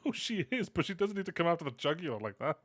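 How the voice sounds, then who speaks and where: Animated, laughing man host. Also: on the high side, fast talker. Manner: animated, laughing, self-mocking. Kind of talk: casual live stream chat.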